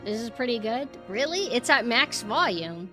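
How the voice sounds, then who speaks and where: A woman streaming a game and chatting casually with her viewers, swinging between quiet murmurs and loud exclamations. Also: fairly high pitch, big pitch swings, normal speed, music in the background. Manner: chatty, talks to chat directly. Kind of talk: casual gameplay livestream chat.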